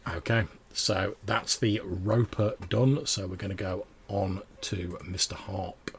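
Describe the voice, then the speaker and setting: A man's voice: low-pitched, fairly even intonation, slow pace, slight background noise. A man running a tabletop game as game master, narrating loosely with many fillers.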